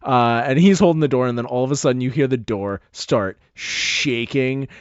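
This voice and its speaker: A man's voice: mid-range voice, moderate pace, clean tone, no room sound. Male game master, easygoing narration, close dry sound, a bit muffled. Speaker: dungeon master.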